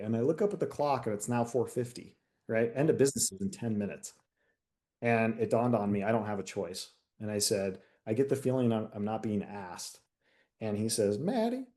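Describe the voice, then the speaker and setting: A retired American detective sergeant tells a candid story in a casual interview, his mid-range voice animated as he acts out the quoted dialogue.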